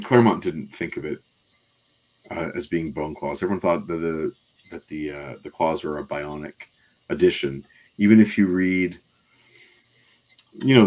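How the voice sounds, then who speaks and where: A male podcast co-host with a slightly mellow bass voice recaps scenes casually and in detail. He rambles, adds asides and uses lots of "um"s and other fillers.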